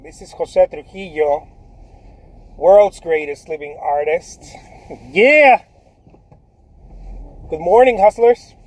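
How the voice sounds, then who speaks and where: A man, an artist, giving a motivational vlog talk to his viewers, loud, swaggering and profane, laughing between points. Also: sits high, lively intonation, slow pace, long pauses, no echo, low-quality recording.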